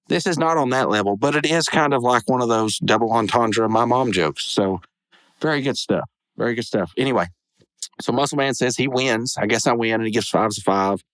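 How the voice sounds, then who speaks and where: A man's voice: mid-range voice, no echo. A man hosting a podcast, casually reviewing a cartoon episode, rambling with lots of restarts and self-corrections. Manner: enthusiastic, animated retelling.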